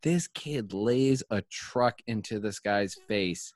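A man's voice: fairly low pitch, slow, darkish tone, no echo, clean studio sound. Rambling, profane man telling a story. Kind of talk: casual chat.

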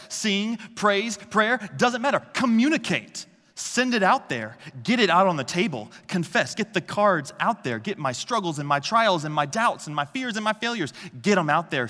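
Bright-voiced man preaching in a reverberant hall. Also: fairly high pitch. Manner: animated storytelling with frequent "okay?" and "right?" check-ins. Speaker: pastor. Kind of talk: conversational sermon. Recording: long reverb of a large hall.

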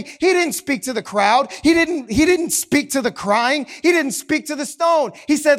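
A man, a pastor, delivering an impassioned sermon that swings between hushed and loud passages and puts rhetorical questions to the congregation. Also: extremely high pitch, lively intonation, moderate pace, few pauses.

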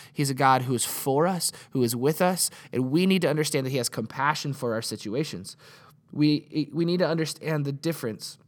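A man in his late twenties, a pastor giving a conversational sermon in an earnest way, often restarting and repeating words. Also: medium pitch.

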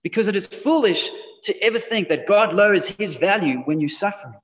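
Pastor in a reverberant hall. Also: male voice, sits high, lively intonation, fairly quick, a bit bright. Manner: conversational preaching, speaks directly to the congregation. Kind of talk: sermon. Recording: dull lo-fi sound with long hall reverb.

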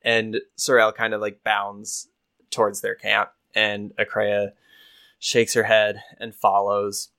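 Brief: male game master, relaxed narration, filler-heavy. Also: fairly low pitch, slow pace, creaky. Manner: casual, hesitant, many fillers.

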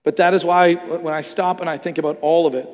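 A man preaching a sermon with animated delivery, moving between loud emphatic passages and hushed ones. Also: fairly high pitch, brisk. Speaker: pastor. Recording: long reverb of a large hall.

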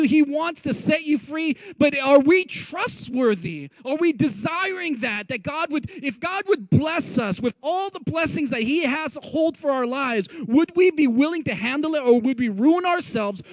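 A man with a notably high voice preaches a sermon in a lively, conversational way. He jokes with his listeners and calls on them to repeat phrases back to him. The sound is dry and close, with little room in it. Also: moderate pace, hardly any pauses, no echo. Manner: joking asides to the audience. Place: meeting room with a live audience.

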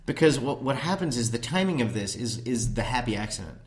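A man at an everyday pitch tells a long, rambling story in casual chat. He doubles back often and swears freely. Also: animated, fairly quick. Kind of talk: casual conversation, recounting a documentary.

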